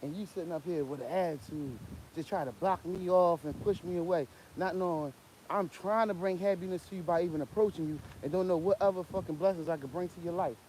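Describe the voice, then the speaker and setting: Profane high-voiced man ranting, coughing. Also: brisk, darkish tone, slight background noise, low-quality recording. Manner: blunt, profane, rambling. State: coughing with a cold. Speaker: livestream host. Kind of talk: casual livestream rant.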